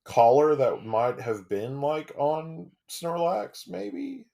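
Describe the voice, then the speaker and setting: A man co-hosting a casual podcast, adding relaxed comments and questions about a comic chapter. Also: on the high side, takes it slowly, creaky. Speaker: podcast co-host.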